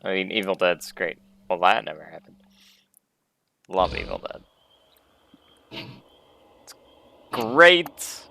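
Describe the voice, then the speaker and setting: A man's voice: low voice, steady tone, unhurried, gravelly, pauses often, fairly bright tone. A man musing offhandedly as he comments on a game he is playing. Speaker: let's play host. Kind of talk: casual gameplay commentary.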